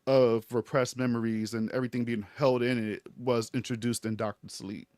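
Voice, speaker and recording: A man co-hosting a casual TV review podcast who talks in a relaxed way, often trailing off quietly. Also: medium pitch, normal speed, no room sound. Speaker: podcast co-host.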